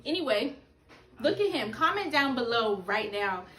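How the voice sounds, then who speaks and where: A woman vlogging at home as a new mother, gushing and animated, talking loudly and drifting into baby talk. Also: fairly high pitch, moderate pace. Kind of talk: casual home vlog.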